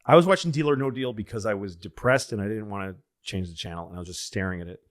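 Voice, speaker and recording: A man co-hosting a comedy podcast in casual chat, rambling, losing his thread, and loudly acting out the people he quotes. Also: on the low side, fast. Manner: rambling, loses his train of thought, acts out quotes loudly. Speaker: podcast co-host.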